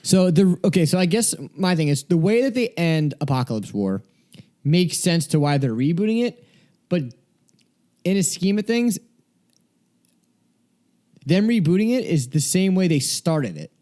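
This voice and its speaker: A man's voice: a little high, sing-song, normal speed, pauses often, dark tone. A man co-hosting a casual comics podcast, rambling, cursing often and trailing off mid-sentence. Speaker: podcast co-host. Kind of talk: casual chat.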